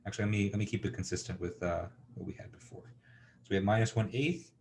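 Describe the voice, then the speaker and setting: A man with a low voice teaches a university engineering class, working step by step through equations. He talks with lots of fillers and keeps checking in with "okay?" and "right?". A faint hum sits behind him. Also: fairly even intonation, fast. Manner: thinking aloud with many fillers and checks like "okay?". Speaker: university lecturer. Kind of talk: recorded engineering lecture.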